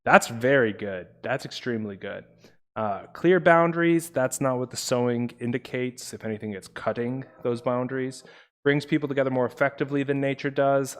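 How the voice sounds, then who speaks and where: A young man tutoring on a live study stream, casual and chatty, talking to his viewers as bros. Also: mid-range voice. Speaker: online tutor.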